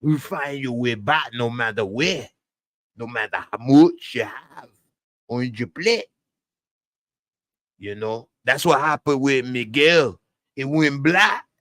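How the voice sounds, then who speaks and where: A man's voice: medium pitch, slow, long pauses, fairly bright tone, no room sound. A boastful older crime boss, scornful and rambling, who takes his time over every word, as a man puts him on in a comic impression. The sound is dry and close to the mic. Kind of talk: comic character impression in a TV review.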